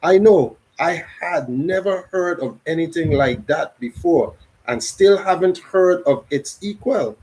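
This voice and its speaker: Slow, measured Crucian man. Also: fairly high pitch, lively intonation, darkish tone, husky, poor audio. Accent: Virgin Islands Crucian. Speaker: reader and narrator of a dialogue. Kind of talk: dramatic reading.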